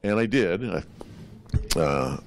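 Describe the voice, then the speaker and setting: A man in his sixties with a big deep voice, a radio DJ telling a rambling, hesitant story at a restaurant gathering. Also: animated, takes it slowly, creaky, a little hiss or hum. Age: 60s. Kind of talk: after-dinner tribute speech.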